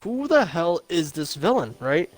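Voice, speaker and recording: Swearing and laughing, a young podcast co-host meanders through a recap of a movie in a casual review conversation. He talks a little slowly in a slightly high voice with big pitch swings.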